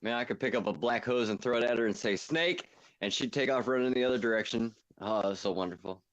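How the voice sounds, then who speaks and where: A man hosting a late-night call-in show, easygoing and halting as he talks. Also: mid-range voice, steady tone, dry recording, highs cut off. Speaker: host.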